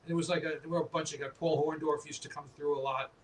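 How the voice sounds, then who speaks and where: A man from New York tells laid-back anecdotes on a podcast, and he laughs easily as he goes. His voice sits a little high for a man. He sounds set back from the mic, with a faint hiss behind him. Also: fast talker. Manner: relaxed anecdotal storyteller, laughs often. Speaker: guest, apparel company owner. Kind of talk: casual podcast storytelling. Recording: distant mic with faint background noise.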